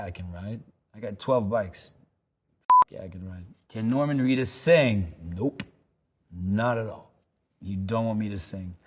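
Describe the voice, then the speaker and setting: A man's voice: fairly low pitch, husky. A man, an actor, answering questions in a casual, rambling, self-deprecating way and telling loose anecdotes. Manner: laid-back, rambling, self-deprecating storyteller. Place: lives in New York.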